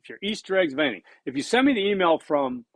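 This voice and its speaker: A man's voice: a little high, very animated, quick pace, no room sound. A man in his sixties giving a recorded college lecture, blunt and conversational, repeating points for emphasis. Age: 60s. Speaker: college instructor.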